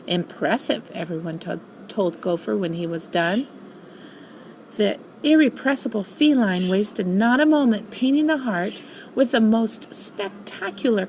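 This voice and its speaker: Older woman, grandmother, storybook read-aloud, expressive, gravelly voice. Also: on the high side, slight background noise, rough recording.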